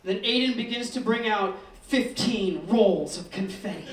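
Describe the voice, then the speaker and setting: A man performing a stand-up comedy set, telling a classroom story in a deadpan way, cursing, and squealing when he acts out the kids. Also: high-pitched, normal speed. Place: comedy open mic room. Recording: echoey room, mic heard from a distance.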